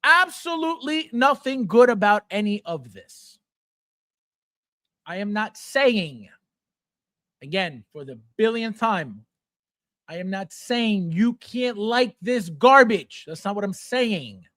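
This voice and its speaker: A man's voice: high-pitched, lively intonation, slow, pushed and bright, dry recording, clean studio sound. A man hosting a collectibles channel, ranting bluntly and scornfully about a figure, profane and sarcastic. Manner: repetitive, sarcastic jabs at viewers.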